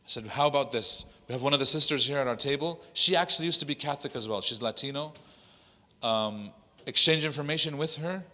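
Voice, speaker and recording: Speaking briskly in a bright, forward, mid-range voice, an imam recounts a story during a workshop in a mosque hall. He shifts into the voices of those he quotes, and a long reverb echoes through the hall.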